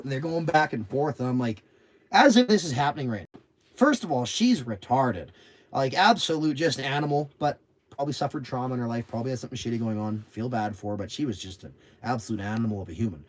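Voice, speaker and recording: A young man, rambling through stories on a livestream and loudly acting out what people said, swearing freely. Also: medium pitch, animated, fast. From Canada. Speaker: livestream host. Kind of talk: casual livestream chat.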